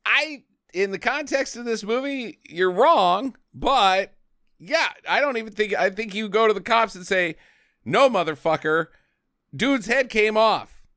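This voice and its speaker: A man's voice: high voice, unhurried, sharp tone, no echo, studio quality. A man co-hosting a casual movie podcast, recapping the plot in a jokey, profane way and slipping into silly voices. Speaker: podcast co-host.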